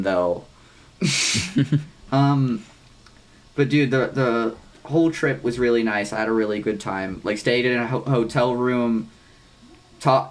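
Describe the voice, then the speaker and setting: Young man rambling through a story. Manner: rambling, heavy use of "like", frequent swearing; animated, with jumps in pitch when excited. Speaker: podcast co-host. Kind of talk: casual storytelling chat.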